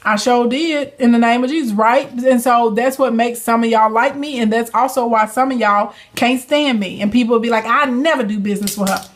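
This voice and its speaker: A woman's voice: on the high side, fairly even intonation, normal speed, hardly any pauses. A young adult woman hosting a casual phone livestream, chatting sassily with viewers and laughing often. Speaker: livestream host and business coach.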